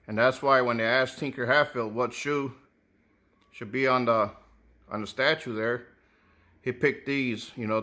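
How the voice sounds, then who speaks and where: A man with a sharp-toned, mid-range voice gives casual unboxing commentary on sneakers. He thinks aloud, repeating words and restarting often.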